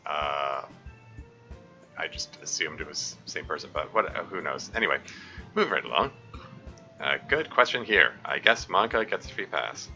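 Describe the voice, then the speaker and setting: Deep-voiced man rambling on a stream. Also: animated, bright, forceful tone, soft background music. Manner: rambling, halting, full of restarts. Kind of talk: live game stream with chat.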